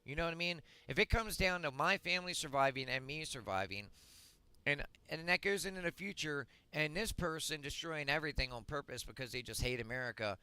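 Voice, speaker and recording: A man streaming a game, delivering a blunt, profane rant that swings up to shouting. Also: on the high side, animated, a little fast, clean tone, no echo, rough recording. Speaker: gaming streamer. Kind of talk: ranting monologue on a livestream.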